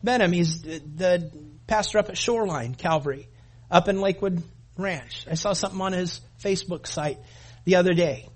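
Preaching at normal speed in a high voice, a male pastor delivers an emphatic sermon that keeps building. He speaks straight to the congregation, whom he calls "gang," and acts out voices as he goes.

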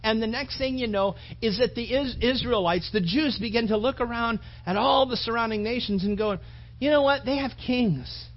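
A man's voice: extremely high pitch, a little fast, hardly any pauses, highs cut off. A man pastor preaching a sermon in a casual, emphatic way, with frequent repetitions and asides to the congregation.

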